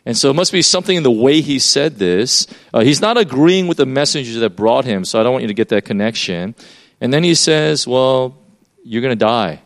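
A man's voice: mid-range voice, expressive, fairly quick. A man preaching a sermon in a loose, conversational way, explaining as he goes with many fillers and restarts.

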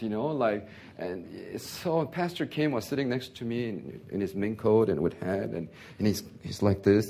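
Husky-voiced man preaching with animated stories. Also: lowish voice, normal speed. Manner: animated storytelling with laughter. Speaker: pastor. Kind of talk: sermon.

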